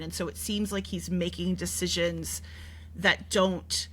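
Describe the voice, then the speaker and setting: A woman's voice: lowish voice, fairly even intonation, measured pace, fairly bright tone, slight background noise. A woman co-hosting a podcast, chatting casually about a TV show in a rambling way with lots of fillers and restarts. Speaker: podcast co-host. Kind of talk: casual TV recap chat.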